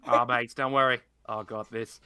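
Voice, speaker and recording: A man's voice: mid-range voice, level tone, normal speed, pushed and bright, smooth, dry recording, close to an everyday voice. A man voicing a cocky male adventurer with a put-on Australian accent and a breezy, overconfident manner.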